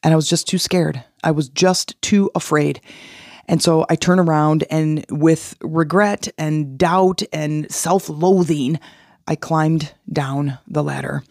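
A podcast host telling a personal story in an animated way, acting out the voices of people in it. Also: mid-range voice, takes it slowly, vocal fry, dry recording, clean studio sound. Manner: animated, acts out quoted voices.

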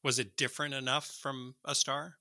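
A man in casual podcast chat, relaxed and wry. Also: mid-range voice, normal speed, dry recording, studio quality.

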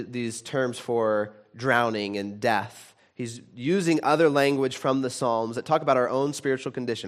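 A man of middling pitch preaches a sermon in a loose, conversational way. He stops and restarts his sentences often, and he gets animated whenever he retells a story. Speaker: pastor.

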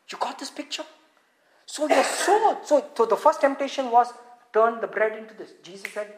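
A woman preaching a sermon, animated and full of rhetorical questions, swinging from loud, excited stretches to quiet ones. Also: fairly high pitch, normal speed, roomy sound, rough recording.

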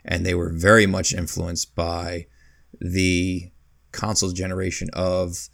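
A man's voice: low-pitched, monotone, unhurried, vocal fry, fairly bright tone, dry recording, studio quality. A man co-hosting a casual podcast, rambling through long lists and chuckling mid-sentence. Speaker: podcast co-host. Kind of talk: casual podcast chat about video games.

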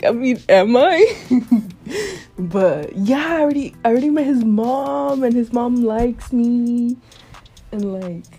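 A young woman in her twenties hosting a casual podcast, chatting in a slangy, swearing, animated way. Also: medium pitch. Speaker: podcast host. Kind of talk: casual chat.

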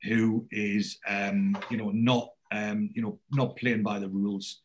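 A man's voice: on the low side, flat delivery, a little slow, rough recording. A man casually retelling a TV episode, rambling with many ums and acting out the characters' lines.

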